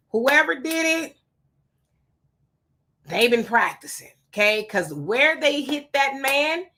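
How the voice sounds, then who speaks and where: A woman hosts a casual livestream while sweating, greeting viewers by name and chatting about their comments with rhetorical questions and asides. Her voice is a little high with a fairly bright tone.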